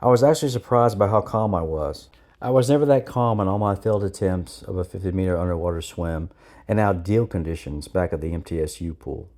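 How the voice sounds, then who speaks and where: A man reading his own memoir aloud with steady, plain storytelling. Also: sits low, fairly quick. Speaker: narrator of his own military training memoir. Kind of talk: read memoir narration.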